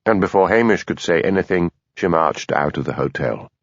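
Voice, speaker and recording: A man narrating an audiobook in a measured, even storytelling manner. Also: low-pitched, no echo, highs cut off. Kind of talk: scripted narration.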